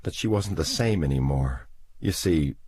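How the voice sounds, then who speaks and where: A man's voice: extremely low pitch, lively intonation, moderate pace, a little mellow, husky, no echo, clean studio sound, full character voice. A man playing a grieving, lonely survivor who talks in heavy, broken, trembling speech, in a storybook reading.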